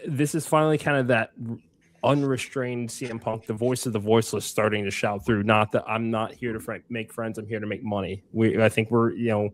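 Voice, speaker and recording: A man co-hosting a wrestling podcast, chatting casually and energetically with lots of fillers and the odd swear word. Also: mid-range voice. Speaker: podcast co-host.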